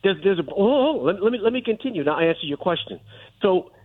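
A man's voice: high voice, lively intonation, fast talker. A middle-aged man calling in to a radio talk show, making his argument insistently and holding the floor. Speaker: caller. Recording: tinny phone line.

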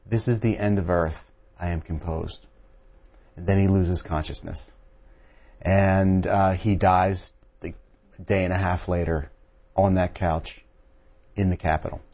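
A man who wrote a book, telling a story as a guest on a call-in radio show. He talks in an animated way and keeps restarting his sentences. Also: low voice, muffled recording. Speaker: author guest.

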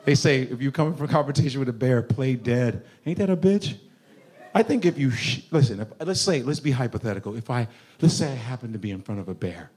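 A man doing stand-up comedy, profane and animated, jumping into voices. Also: medium pitch, a little fast.

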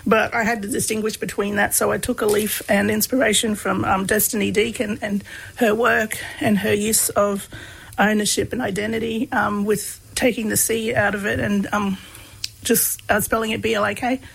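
Gravelly-voiced woman telling stories. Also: mid-range voice, moderate pace, rough recording. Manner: relaxed, many fillers, laughs while telling stories. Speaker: interview guest, researcher. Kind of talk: casual conversational storytelling.

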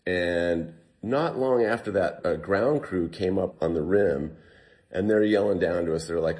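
Guy with a really low voice telling his survival story, acts out the yelling bits. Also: moderate pace. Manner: animated retelling, quotes himself and others. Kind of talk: casual storytelling interview.

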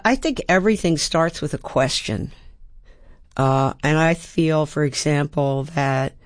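A woman's voice: low-pitched, no echo. This is a woman in her seventies from Baltimore, a seasoned actor and playwright, reflecting on her craft in an interview. She talks thoughtfully and slips into the voices of people she has met. The sound is close and dry. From Baltimore, USA. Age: 70s. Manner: thoughtful, acts out quoted voices and rhythms.

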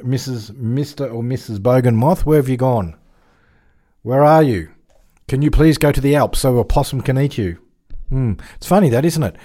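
A man's voice: medium pitch, darkish tone. An Australian man hosting a community radio show from the studio, chatting and joking to himself. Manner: chatty, jokey, talks to himself. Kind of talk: casual radio chat.

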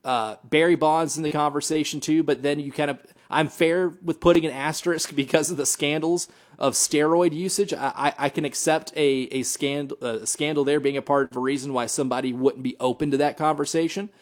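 A man's voice: fairly high pitch, fairly even intonation, a little fast, few pauses. A man in a casual sports talk, laying out his reasoning earnestly with small laughs and restarts.

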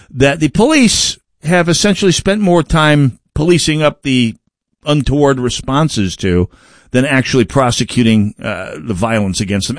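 A man's voice: mid-range voice, no room sound, clean studio sound. A man hosting a broadcast, delivering a political commentary monologue with emphatic delivery, wry asides and frequent restarts. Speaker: broadcast host.

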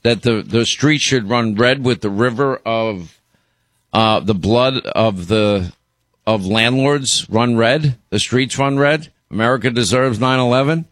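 A man's voice: mid-range voice, measured pace, fairly bright tone, no echo. A man hosting a talk radio show, blunt and indignant, often stumbling over his words as he goes. His voice sits mid-range. It sounds close and dry, with no room around it. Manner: blunt, indignant, many restarts. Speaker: radio and podcast host.

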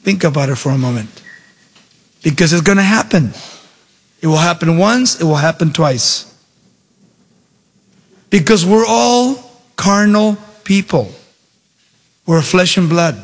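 Animated preacher man in an echoing hall. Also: on the high side, measured pace, pauses often. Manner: animated, sing-song emphasis, dramatic storytelling. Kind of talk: sermon. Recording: long reverb of a large hall.

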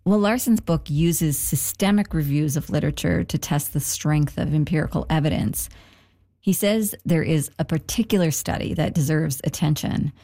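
A woman hosting a radio documentary, reading scripted narration in a measured, explanatory way. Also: deep voice, mellow.

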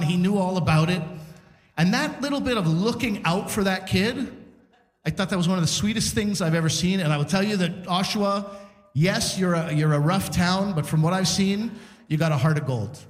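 A man hosting a live stand-up show, telling a story in a chatty, animated way with restarts and asides. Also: high voice, a little fast. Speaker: stand-up comedian and show host. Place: stage in a community center hall. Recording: roomy live hall reverb.

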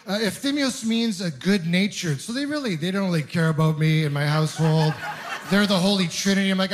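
A young man from Ontario performing a stand-up comedy set on a club stage, telling animated, self-mocking stories into a handheld mic. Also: sits high, a little fast. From Ontario, Canada.

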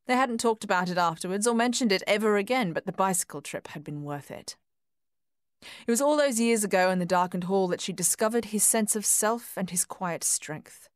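A woman narrates a literary story in a soft, measured voice that often drops to a hush. Her voice sits a little low, and the close recording is completely dry. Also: dry recording. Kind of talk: scripted audiobook narration.

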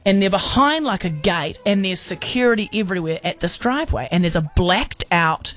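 A woman co-hosting a radio show, telling an animated story in casual chat, peppered with British slang and drawn-out terms of endearment. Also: fairly low pitch.

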